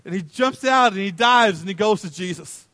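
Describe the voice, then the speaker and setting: A man's voice: high-pitched, lively intonation, normal speed, no room sound. Man preaching with dramatic swings. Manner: dramatic, acts out voices in the story; swings from loud calls to hushed tenderness. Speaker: pastor. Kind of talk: sermon.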